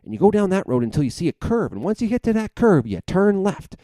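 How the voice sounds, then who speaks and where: A man's voice: high voice, very animated, quick pace, mellow, no echo, clean studio sound, voice pushed up. A man putting on his father's voice as an older man patiently giving step-by-step driving directions. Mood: instructing.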